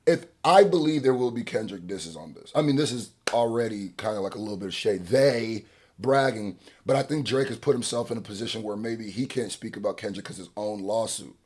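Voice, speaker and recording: A man giving casual, animated reaction commentary, talking back to the track. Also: on the low side, quick pace, few pauses, breathy edge. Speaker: reaction streamer.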